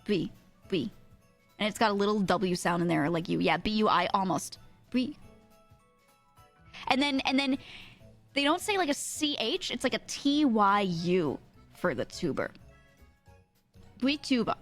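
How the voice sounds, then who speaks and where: A woman's voice: medium pitch, sing-song, moderate pace, pauses often. Young woman streamer just chatting, laughs a lot, some music in the background. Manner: chatty, laughs often, imitates accents. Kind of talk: casual chat.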